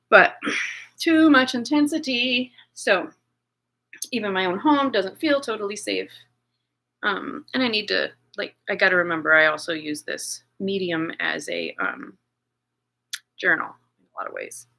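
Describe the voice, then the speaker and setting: Middle-aged woman video journaling, shaky and anxious, halting with lots of ums, bright voice. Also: lowish voice, big pitch swings, creaky. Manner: halting, emotional, many fillers and restarts. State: shaken, anxious. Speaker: vlogger.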